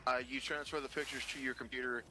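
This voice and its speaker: A man's voice: medium pitch, little pitch movement, fast, bright, forceful tone. A man co-streaming a game, chatting casually and egging his friends on. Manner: teasing, egging others on. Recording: noisy mic.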